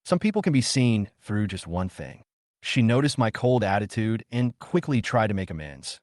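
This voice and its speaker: A man narrating a first-person story recap in a calm, steady storytelling manner. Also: on the low side, normal speed, no room sound, studio quality.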